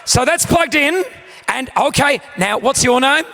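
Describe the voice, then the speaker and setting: Loud, profane and exasperated, an Australian comedy host banters with his audience from the stage. He speaks at an extremely high pitch, expressively and a little slowly.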